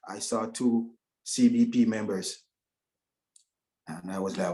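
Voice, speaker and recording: Brief: middle-aged man with a lowish voice, telling his own story haltingly and emotionally on a video call. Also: fairly even intonation, mellow. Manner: emotional, halting, with many restarts. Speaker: guest speaker at a virtual event. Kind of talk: personal testimony.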